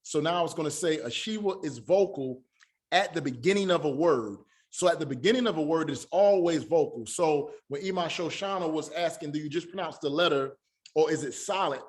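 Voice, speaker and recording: A man with a slightly high voice teaches a Hebrew lesson. He is patient and repeats each word slowly so his students can follow. His speech is casual and Southern-tinged, with "y'all" and an easy pace. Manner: patient, repeats words slowly to drill pronunciation. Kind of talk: classroom lesson.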